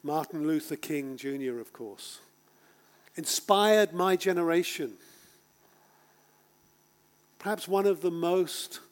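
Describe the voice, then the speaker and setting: Man preaching, sermon, slightly high voice, emphatic, dramatic pauses. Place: speaking to a congregation.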